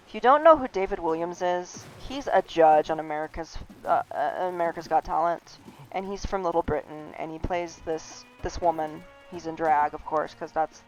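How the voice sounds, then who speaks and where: A woman's voice: low voice, vocal fry. A woman game streamer giving chatty, rambling, giggly commentary live. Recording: slightly dull stream audio with faint game music.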